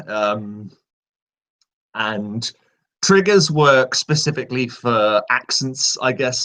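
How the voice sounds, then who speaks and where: Casting note: male guest voice actor, crisp bright tone, patient explainer who gives examples. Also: medium pitch. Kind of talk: casual panel discussion.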